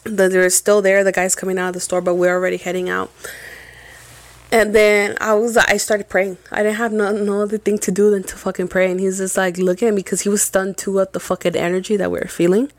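Chatting casually on the podcast she co-hosts, this young woman from Mexico recounts a paranormal tale with lively energy, frequent cursing, and bits of Spanish. Her voice is mid-range and brisk, with no room sound.

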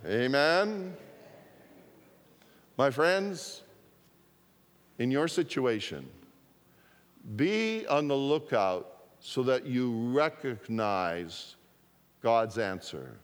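A man preaching a sermon, telling a story slowly and deliberately with repetition for emphasis. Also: medium pitch, sing-song. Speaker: pastor. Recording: long hall reverb.

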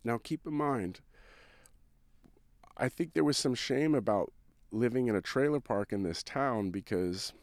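A man's voice: medium pitch, animated, measured pace, pauses often, no echo. A man from California, a songwriter, telling a personal story in a casual, earnest, rambling way with many fillers and restarts. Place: van on a town street.

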